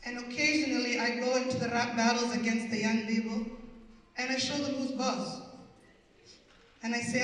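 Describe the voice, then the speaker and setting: This recording catches a Canadian comedian in her fifties telling stand-up stories in a community event hall, heard from far off with echo. Her voice is on the high side and fairly bright, the delivery flat at a normal speed with frequent pauses, though her wit stays wry and punchy, full of wordplay and accents.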